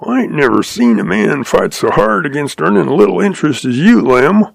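A man voicing a shrewd, calm old cowboy with a drawl, patient and amused. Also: on the high side, brisk, gravelly, no room sound, exaggerated voice. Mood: sly calm. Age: older.

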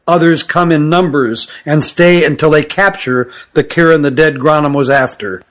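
A man's voice: a little high, lightly acted. Narrator doing sturdy young fugitive, urgent, secretive, near his own voice, storybook. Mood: fearful urgency. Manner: urgent, hushed, pleading. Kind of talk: audiobook character voice.

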